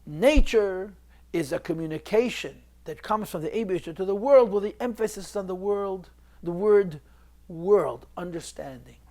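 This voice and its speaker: A man's voice: high voice, normal speed, a little mellow. A man teaching a recorded class on a Chassidic text, explaining step by step, repeating key phrases and mixing Hebrew and Yiddish terms into his English. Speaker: Torah teacher.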